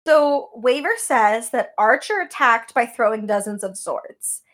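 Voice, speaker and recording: A woman with a high, bright-sitting voice chats on a fan podcast. She recaps episodes in an animated, casual way, laughing often and swearing now and then. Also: measured pace. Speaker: podcast co-host. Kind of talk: casual chat recapping an anime.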